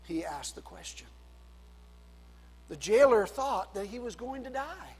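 A pastor with a very high, husky voice preaches to his congregation. His sermon rises to loud emphasis and falls to quiet, low asides, and it rings with the long echo of a church hall. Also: very animated, unhurried, long pauses.

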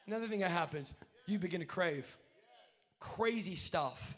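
A man in his twenties, an evangelist preaching a sermon, swinging from quiet joking asides to shouted preaching. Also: sits high, animated, normal speed, long pauses. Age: 20s.

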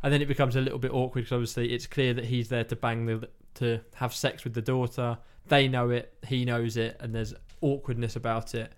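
A man's voice: medium pitch, little pitch movement, fairly quick, few pauses, clear, resonant tone. A man in casual chat, retelling a film plot in a rambling way and acting out lines. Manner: rambling storytelling, acts out quotes.

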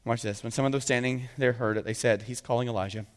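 A man preaching a sermon, swinging from hushed passages to loud, fervent peaks. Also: mid-range voice, fairly even intonation, quick pace. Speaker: pastor. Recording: long reverb of a large hall.

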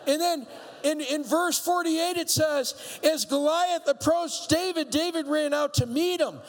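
A man preaching a sermon, acting out biblical voices and building up to shouts with playful asides. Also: very high-pitched, measured pace. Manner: acts out voices of biblical figures. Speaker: pastor. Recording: long hall reverb.

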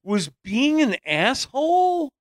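A man with a high, lively voice speaks slowly in a casual podcast chat. His remarks are wry and sarcastic, with casual swearing. The recording is dry and close. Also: no room sound. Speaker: podcast co-host.

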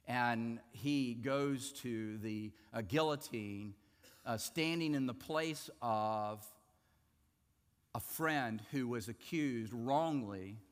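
A man preaching a sermon earnestly, dropping to a hushed tone for emphasis. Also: mid-range voice, in a large hall. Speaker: pastor.

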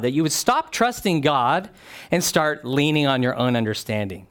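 A man delivering a sermon in an animated way. His voice sits a little high and moves a lot, and he drops low and quiet when he acts out what someone said. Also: moderate pace. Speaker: preacher.

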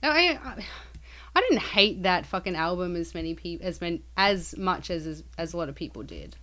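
A woman's voice: fairly low pitch, very animated, normal speed, a bit bright. A woman co-hosting a podcast, chatting casually, giggly and hesitant with many fillers. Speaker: podcast co-host. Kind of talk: casual chat.

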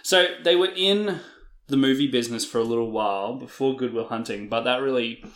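A man's voice: medium pitch, fairly quick, fairly bright tone. Teasing man in casual podcast banter. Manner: teasing, banters and laughs at friends. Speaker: podcast co-host. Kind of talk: casual chat. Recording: roomy echo.

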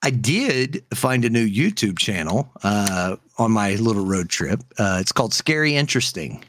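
A man co-hosting a casual podcast chat, animated and laughing often between jokes. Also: on the low side, moderate pace. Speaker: podcast co-host.

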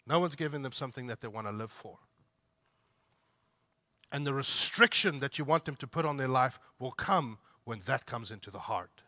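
A man's voice: medium pitch, animated, normal speed, bright, forceful tone. A man preaching a sermon, emphatic, repeating his points and asking the listeners rhetorical questions. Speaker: pastor.

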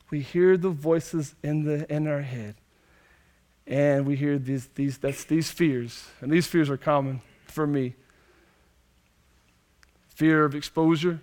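A young man preaching from the pulpit. His voice sits high for a man, and he drives his points home with repeated phrases. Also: fairly even intonation, slow pace, long pauses, darkish tone. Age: young adult. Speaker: pastor. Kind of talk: sermon.

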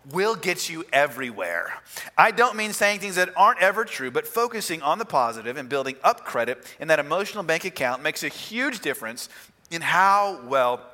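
A male pastor preaching a sermon, animated, with emphatic rises and soft drops. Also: a little high, big-room sound.

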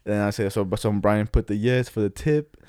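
A man's voice: lowish voice, steady tone, fairly quick, a little mellow, clear, resonant tone, no room sound, clean studio sound. A young man telling a long story in casual, slangy chat, rambling with many restarts.

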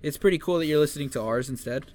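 A man's voice: on the high side, very fast, darkish tone. A young man co-hosting a podcast in casual chat, rambling and swearing with lots of restarts. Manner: rambling, profane, restarts a lot. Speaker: podcast co-host.

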